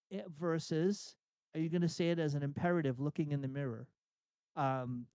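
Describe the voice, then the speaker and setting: A man's voice: a little high, expressive, moderate pace, warm tone, no room sound. A man hosting a Catholic radio talk, speaking earnestly and acting out inner dialogue as he preaches. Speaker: radio host and executive coach.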